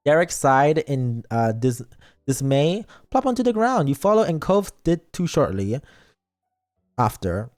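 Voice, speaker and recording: A man's voice: on the high side, big pitch swings, a little slow, a little mellow, soft background music. A man streaming as a VTuber, reading a story game aloud and breaking off for teasing asides to chat. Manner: playful, reads lines aloud and reacts with teasing asides.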